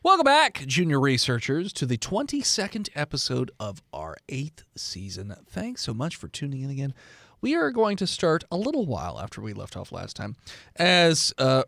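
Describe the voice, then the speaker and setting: A man's voice: mid-range voice, wildly swooping pitch, normal speed, creaky, fairly bright tone, no echo. A man hosting a podcast as game master, narrating the setup between playful banter. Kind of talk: casual chat and game narration.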